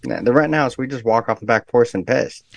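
A man, a podcast co-host, chatting casually in a laid-back, halting way with short replies. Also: mid-range voice, gravelly, dry recording. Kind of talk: casual chat.

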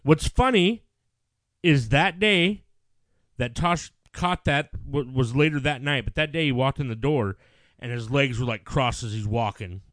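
A man's voice: medium pitch, a little slow, dry recording, studio quality. A middle-aged man, a podcast co-host, telling stories in casual chat with lots of swearing. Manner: profane, animated storyteller.

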